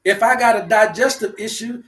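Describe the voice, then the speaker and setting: Male host, higher voice; preachy, repetitive livestream teacher addressing viewers. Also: fairly quick, a bit bright. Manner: preachy, repetitive, slangy, talks to chat.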